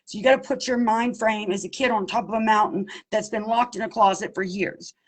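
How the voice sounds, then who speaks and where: Husky woman giving emphatic testimony. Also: medium pitch, fairly even intonation, brisk, low-quality recording. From Pennsylvania. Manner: emphatic and pleading, addresses listeners as y'all. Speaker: abuse survivor speaking out. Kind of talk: impassioned personal testimony.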